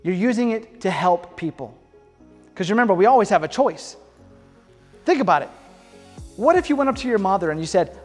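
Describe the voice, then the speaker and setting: A man's voice: sits high, big pitch swings, fairly quick, pauses often, darkish tone, in a large hall, soft background music. A man teaching a beginner martial arts class, coaching viewers in an upbeat, encouraging way. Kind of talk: home workout class instruction.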